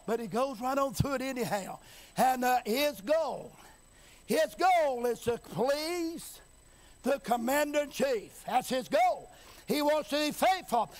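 With an extremely high, animated voice and a measured pace, a man preaches a sermon. He works up to shouted, chant-like emphasis, then goes quiet and folksy, repeating phrases and asking his congregation if they hear him.

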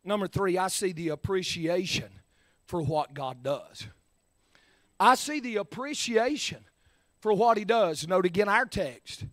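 High-voiced preacher, slow and dry. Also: male voice, expressive, no echo. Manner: builds from low talk to shouted, drawn-out preaching. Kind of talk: sermon. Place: church.

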